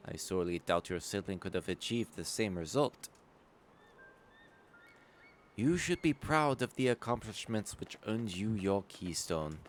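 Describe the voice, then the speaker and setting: Guy doing a small formal storyteller, measured solemn tale-telling, lowish voice, game dialogue read aloud. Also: animated, a little hiss or hum.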